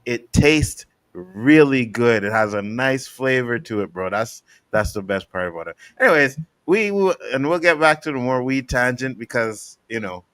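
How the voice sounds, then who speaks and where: A man co-hosting a podcast, casually telling animated stories and acting out the people he quotes. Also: medium pitch, moderate pace, few pauses, no room sound. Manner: animated storytelling, acts out quotes. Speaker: podcast co-host. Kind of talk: casual chat.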